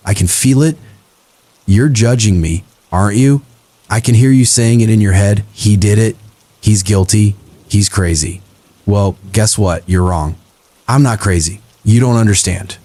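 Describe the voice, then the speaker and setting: A man reading first-person horror stories as a narrator, in a slow, brooding, confessional delivery. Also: lowish voice, mellow, dry recording.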